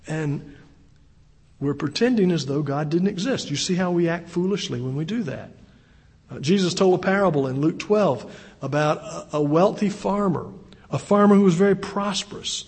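A man's voice: fairly high pitch, expressive, moderate pace, a little mellow, husky. A man preaching a sermon in an earnest way, often repeating words as he goes. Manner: earnest, repeats words, acts out quoted voices. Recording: long reverb.

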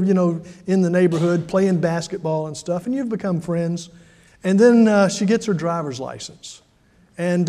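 High-voiced preacher in a reverberant hall. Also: male voice, dark tone. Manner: storytelling, conversational with dramatic swings in volume. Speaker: pastor. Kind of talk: sermon.

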